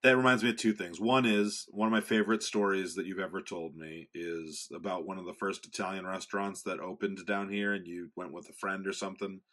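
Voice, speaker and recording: A man with a fairly low voice chatting as a podcast co-host. He is casual and a bit profane, and his retelling is lively. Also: a little fast, few pauses. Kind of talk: casual chat.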